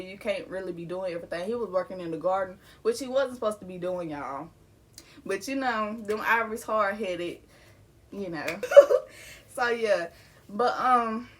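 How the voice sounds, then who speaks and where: In a medium-pitched, slightly bright voice, a young adult vlogger tells a personal storytime, laughing at times as she works through grief. Her manner is casual and candid, and she refers to her audience as y'all.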